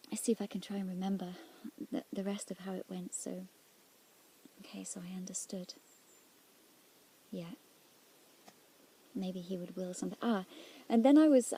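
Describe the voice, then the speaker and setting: A woman telling of a prayer experience in a reflective, halting way, often dropping into near-whispers. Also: on the low side, a little hiss or hum. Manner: soft-spoken, drops often into near-whispers; halting and searching, with restarts. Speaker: Christian speaker sharing a prayer experience. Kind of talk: reflective personal testimony.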